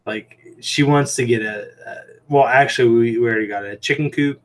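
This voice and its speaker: A man of middling pitch hosts a relaxed livestream from a home room with fish tanks behind him. He talks in a loose, rambling way, with plenty of "like" and "um" as he tells stories to his viewers. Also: brisk. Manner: rambling, full of "like" and "um" fillers; chatty, tells anecdotes. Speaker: livestream host and aquarium shrimp seller. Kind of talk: casual livestream chat.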